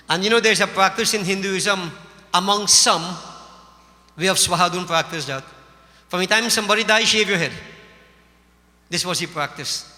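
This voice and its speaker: A man's voice: high-pitched, normal speed, long pauses, bright, forceful tone. A man with a Caribbean English accent giving a sermon, telling a folksy story and speaking to his listeners as devotees. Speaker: Hindu religious teacher. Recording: long hall reverb.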